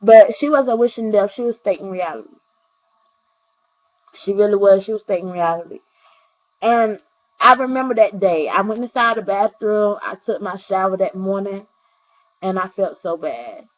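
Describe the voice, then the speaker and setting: A young woman vlogger tells her viewers a personal story in an earnest, rambling way, often repeating herself and addressing the audience directly. Her voice is medium-pitched and moves at a normal speed with frequent pauses. The recording is dull and lo-fi.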